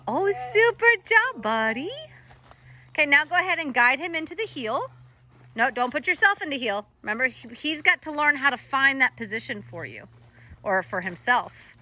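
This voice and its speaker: A woman's voice: high voice, sharp tone. A woman dog trainer coaching a trainee in an encouraging, instructive way.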